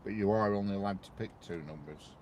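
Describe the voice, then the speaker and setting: Man, lower voice, loose rambling live-stream chat with viewers. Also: quick pace, a little mellow, a little hiss or hum. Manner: rambling, chatty, greets viewers by name. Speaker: train-spotting live streamer.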